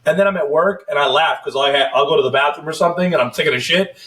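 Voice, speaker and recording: A man's voice: on the high side, very fast, a bit bright. A man in his thirties hosting a casual podcast as a first responder, telling profane, rambling stories and slipping into mock voices. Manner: profane, loose storytelling that slips into mock voices.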